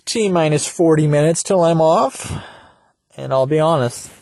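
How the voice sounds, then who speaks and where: A man's voice: on the high side, measured pace, creaky, darkish tone, dry recording. A young man talking in a rambling solo monologue, meandering and crude, often trailing off into mumbles. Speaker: podcaster. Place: at work during a shift.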